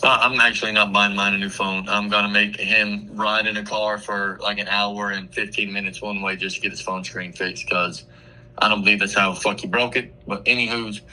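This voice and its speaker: Bright-voiced, profane man telling a story. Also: on the low side, a little fast, low-quality recording. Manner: crude, profane, animated storyteller. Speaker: comedian guest. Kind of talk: casual radio storytelling. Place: radio studio.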